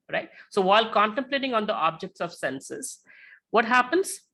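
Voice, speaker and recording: A man giving a lecture with slides, talking conversationally and often checking in with a quick "right?". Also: high-pitched, expressive, bright, forceful tone. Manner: tells illustrative stories.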